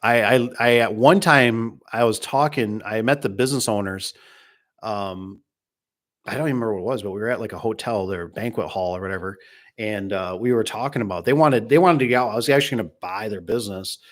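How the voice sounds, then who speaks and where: A man's voice: lowish voice, a little fast. A man who runs a garage door business, chatting casually and rambling through stories with acted-out quotes. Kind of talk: casual chat.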